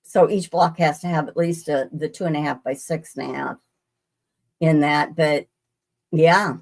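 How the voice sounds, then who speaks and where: Her voice is low-pitched, steady, gravelly and darkish, and she takes her time as she runs a casual quilting demo live from her sewing room. As host of the stream, she rambles, restarts her thoughts, and greets viewers by name.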